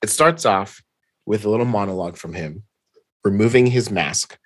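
A man's voice: fairly low pitch, moderate pace, breathy edge, no room sound, studio quality. A man co-hosting a podcast who recaps a comic in casual chat. He is chatty, laughs often and sometimes loses track of names.

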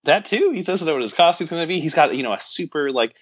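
A man's voice: fairly high pitch, lively intonation, fast talker, slightly rough, no room sound. A man co-hosting a podcast, chatting casually about a film in a rambling, self-mocking way with many stops. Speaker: podcast co-host.

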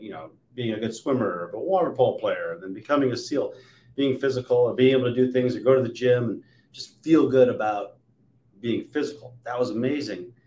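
A man in his forties hosting a podcast, telling stories with animated swings between loud and soft. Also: mid-range voice, slight background noise. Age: 40s. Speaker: podcast host. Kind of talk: conversational interview. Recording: roomy echo.

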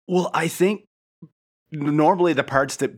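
A man's voice: a little high, unhurried, slightly rough. A man co-hosting a podcast, casually recapping a cartoon episode with dry sarcastic asides and rhetorical questions. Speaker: podcast co-host.

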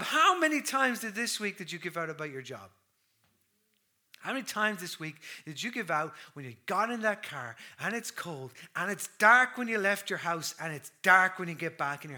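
A man in his thirties preaching a sermon with passion, swinging from loud declarations to hushed near-whispers. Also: high-pitched.

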